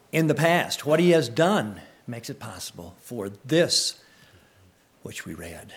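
A man giving a sermon, reading scripture slowly and swelling on words of praise, then adding casual comments and often clearing his throat. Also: mid-range voice. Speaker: preacher.

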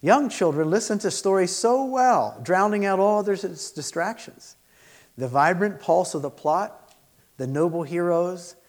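A man teaching a session for pastors, earnestly presenting and reading aloud a student essay. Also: a little high. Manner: earnest, measured, expressive reading.

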